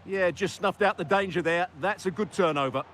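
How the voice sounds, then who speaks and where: Male co-commentator for a football game: brisk, slightly raised voice, calm agreeing analysis. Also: sits high, a little hiss or hum. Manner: measured, agreeable replies that start with "yeah".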